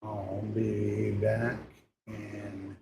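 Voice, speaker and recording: A man's voice: fairly low pitch, completely flat delivery, drawn-out words, gravelly, background noise. A man hosting a livestream, drawling and cursing in casual asides. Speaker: show host.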